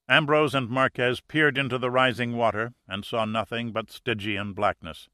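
A man narrating an audiobook in a measured, suspenseful way. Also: mid-range voice, steady tone, sharp tone, dry recording, studio quality. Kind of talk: scripted narration.

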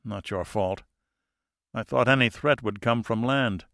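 A man voicing a steady, wry male researcher who speaks in an even, matter-of-fact way. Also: mid-range voice, unhurried, creaky, no room sound, studio quality.

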